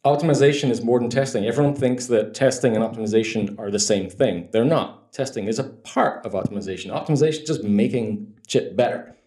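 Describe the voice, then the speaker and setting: A man's voice: mid-range voice, a little fast, darkish tone, reverberant. A man speaking as an interview guest on optimization, blunt and joking, swearing freely in casual chat. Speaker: guest, conversion optimization expert.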